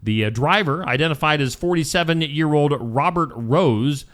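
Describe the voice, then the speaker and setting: A man's voice: on the high side, fairly bright tone. A man hosting a live morning show, reading offbeat news stories in a casual, wry way. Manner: wry, playful, with quick put-on accents.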